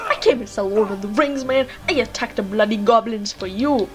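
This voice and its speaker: Over music, a young woman gamer with a Lithuanian accent, a native speaker of Lithuanian, narrates a let's-play at a moderate pace with hardly any pauses. Her voice is on the high side, and she's loud and giggly, cursing and cracking jokes at the screen.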